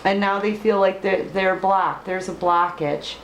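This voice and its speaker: A woman's voice: medium pitch, flat delivery, a little slow. A woman giving a late-night tarot reading, emphatic, repeating words and trailing off with fillers. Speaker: tarot reader. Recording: echoey room with faint background noise.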